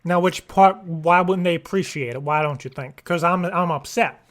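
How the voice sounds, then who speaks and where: A man with a notably high voice makes a prank call. He rambles and stammers, repeating himself, and keeps up a mock-earnest tone. He is heard over a phone call. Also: moderate pace. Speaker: prank caller.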